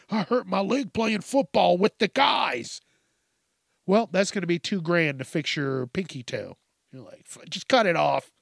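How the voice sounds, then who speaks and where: A man's voice: high-pitched, slow, vocal fry, pauses often, fairly bright tone, no room sound. Profane joking man, dry close sound. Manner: profane, laughing, acts out quotes in exaggerated voices. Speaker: host. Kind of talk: casual commentary on news stories.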